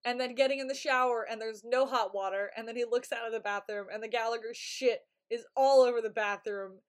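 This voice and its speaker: Animated woman podcast co-host. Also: on the high side, fairly quick, clean tone. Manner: animated, acts out characters' lines while retelling. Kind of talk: casual chat recapping a TV episode.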